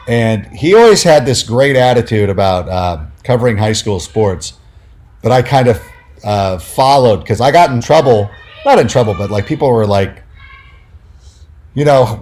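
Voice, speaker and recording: Chatty man telling animated stories. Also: medium pitch. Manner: animated, filler-heavy, acts out quoted people. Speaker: podcast guest, fantasy football analyst. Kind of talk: casual storytelling.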